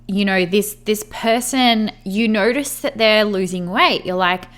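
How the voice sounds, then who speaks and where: A woman's voice: medium pitch, measured pace, fairly bright tone. A woman hosting a podcast in a casual, chatty way, saying "like" a lot and acting out what friends might say. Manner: chatty, fills speech with "like"; acts out imagined friends' voices. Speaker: podcast host.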